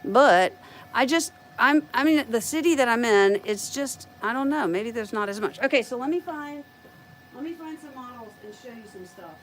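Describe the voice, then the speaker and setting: Middle-aged woman, bit of a southern accent, chatty live stream talk, highish voice, faint hum behind her. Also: animated, moderate pace, low-quality recording. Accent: light American Southern. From United States. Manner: chatty, thanks viewers and thinks aloud. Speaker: 3D printing streamer. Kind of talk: casual live stream chat.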